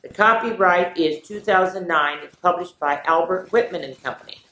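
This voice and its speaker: An older woman, a retired teacher, reading picture books aloud to children in an animated way, with playful sound effects and chatty asides. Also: lowish voice, moderate pace. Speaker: children's story reader. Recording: echoey room with faint noise.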